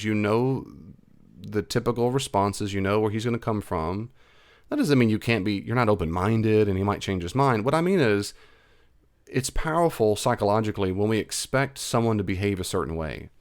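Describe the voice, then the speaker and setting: A middle-aged man with a Southern US accent, a Christian counselor giving casual, reassuring advice in reply to an email. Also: on the low side. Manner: reassuring, encouraging, conversational with repeats.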